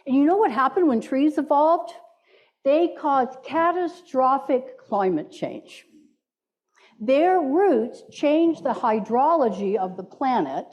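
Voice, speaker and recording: A woman's voice: a little high, darkish tone, highs cut off. A woman minister giving a playful sermon in a church, inviting the congregation to repeat words with her. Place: church sanctuary.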